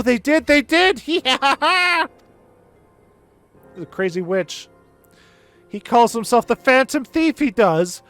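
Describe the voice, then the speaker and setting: Guy doing a shrill old lady mourning her boy, wails and swoops all over in folksy talk. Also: fairly bright tone, dry recording. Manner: dramatic folksy dialect, wailing. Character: frail grieving old woman, wailing and superstitious. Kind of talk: reading game dialogue aloud.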